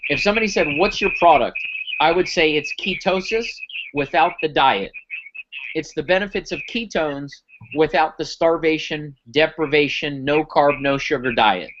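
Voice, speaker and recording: A man giving a live sales pitch on a conference call, telling stories and acting out the dialogue. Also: moderate pace, a bit bright. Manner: storytelling, acts out dialogue. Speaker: company founder pitching product. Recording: muffled lo-fi recording.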